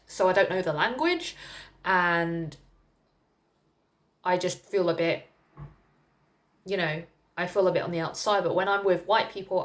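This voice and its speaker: A young woman from England talking candidly to camera in a casual vlog, chatty, with fillers and laughter. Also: on the low side. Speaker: vlogger. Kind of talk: casual personal talk to camera.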